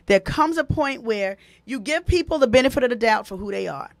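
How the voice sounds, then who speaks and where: Animated, preachy woman. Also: on the high side, unhurried, no echo, studio quality. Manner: animated, preachy, repeats key lines for emphasis. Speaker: host. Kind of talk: live-stream commentary and advice talk.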